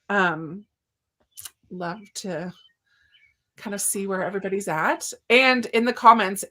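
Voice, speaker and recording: A woman's voice: medium pitch, pushed and bright. A woman hosting a live book discussion over a video call, welcoming viewers in an eager, chatty way with plenty of fillers. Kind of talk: casual live-stream chat.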